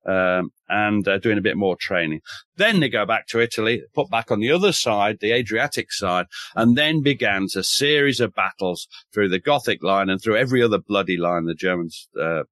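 A man from the north of England, a military historian telling war stories as a podcast guest in a wry, animated way, swearing casually and restarting often. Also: on the low side, moderate pace, no room sound. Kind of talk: enthusiastic podcast storytelling.

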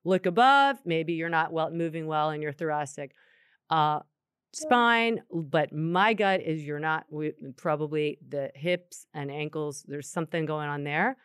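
Smooth-voiced woman talking anatomy. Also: low voice, unhurried, no room sound, studio quality. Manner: explains anatomy in a chatty, animated way. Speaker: yoga co-host answering questions. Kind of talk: casual podcast chat.

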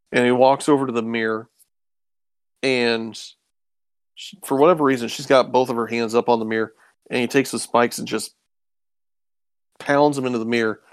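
A man's voice: medium pitch, no echo. A man casually recapping an episode, rambling with ums and acting out quoted lines. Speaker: podcast co-host recapping a show. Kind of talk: casual chat.

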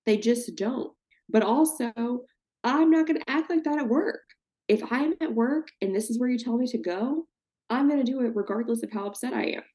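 A woman's voice: on the high side, moderate pace. A woman co-hosting a podcast, recapping a reality show in casual, profane chat and putting on the voices of the people she describes. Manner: animated, profane, mimics people she talks about. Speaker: podcast co-host.

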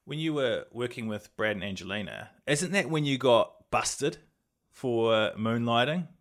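A man hosting a podcast, asking the guest leading questions in a relaxed, drawn-out way. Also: medium pitch. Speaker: podcast host. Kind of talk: interview questions.

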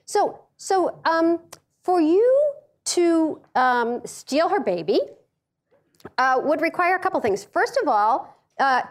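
A lively American woman in middle age tells a comic story to an audience, her voice bright and high. She swoops all over her range, laughing and slipping into quick acted-out voices as she goes. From United States. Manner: animated, acts out voices, laughs often. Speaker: speaker giving a talk.

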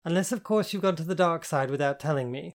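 A woman's voice: low-pitched, fast, voice pushed up. A woman voicing a bubbly, theatrical woman friend who teases and takes charge, in a storybook reading. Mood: teasing. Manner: teasing, theatrical, gleeful. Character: bubbly flamboyant woman friend, teasing counsellor.

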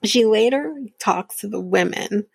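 A woman's voice: mid-range voice, expressive, measured pace, vocal fry, darkish tone, husky, no room sound. A woman hosting a podcast, recapping a reality show in a blunt, exasperated way and swearing freely. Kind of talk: casual recap commentary.

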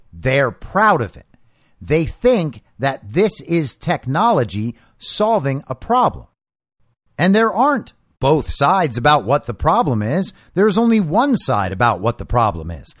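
A man's voice: fairly high pitch, big pitch swings, a little slow, a bit bright, dry recording, studio quality. A man hosting a political commentary show, delivering an opinionated monologue in a sarcastic, mocking manner.

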